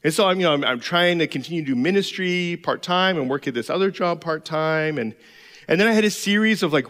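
A man's voice: fairly high pitch, a bit bright, big-room sound. A middle-aged man preaching a sermon, telling a candid, self-deprecating personal story with laughs. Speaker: pastor.

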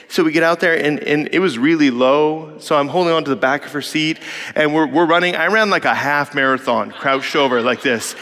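A man casually telling a long family story as a father, animated and acting out his kids' lines. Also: brisk, big-room sound. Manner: animated, quotes his kids in higher voices.

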